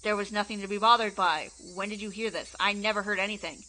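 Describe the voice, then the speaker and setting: A woman's voice: mid-range voice, steady tone, quick pace, bright, forceful tone, close to an everyday voice, rough recording. A woman voicing a blunt, puzzled teenage boy, reading a visual novel aloud. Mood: baffled. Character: baffled, stubborn teenage boy. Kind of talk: visual novel read-along.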